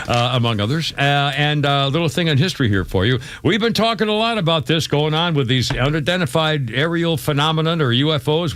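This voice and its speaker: A man's voice: mid-range voice, a bit bright. A man hosting a radio talk show, chatting casually with callers and a co-host, with frequent restarts and laughter.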